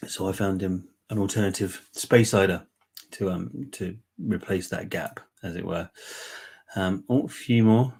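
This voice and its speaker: A man chatting his way through a live whisky giveaway, relaxed and rambling with frequent ums. His voice sits a little low and sounds husky and congested, as if he's still bunged up. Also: a little slow. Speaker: whisky giveaway livestream host. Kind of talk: casual live chat.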